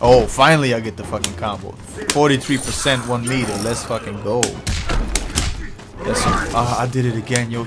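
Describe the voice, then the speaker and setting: A man giving casual, excitable, profane commentary while playing online ranked fighting-game matches. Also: mid-range voice, moderate pace, very noisy. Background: fighting game music and sound effects.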